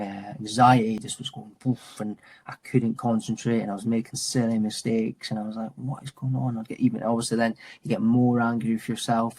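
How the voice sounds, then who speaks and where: Here an outdoor instructor in his thirties, who trains people in mountain and adventure skills, reflects casually during an interview. His voice sits on the low side with a darkish tone, and he keeps saying "mate," restarting and using fillers.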